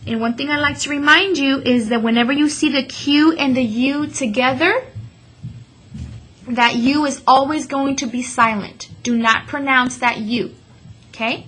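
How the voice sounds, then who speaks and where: A woman's slightly high, pushed and bright voice leads students through a Spanish vocabulary lesson in class. She says each word slowly and clearly, then repeats it for them to echo back.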